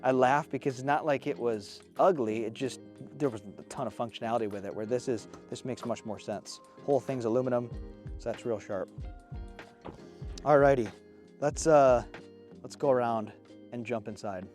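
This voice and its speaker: Faint music plays behind a medium-pitched man speaking at a moderate pace. He's an off-road vehicle reviewer in his thirties, enthusiastic and excitable, a bit out of breath as he casually walks around a new truck outdoors.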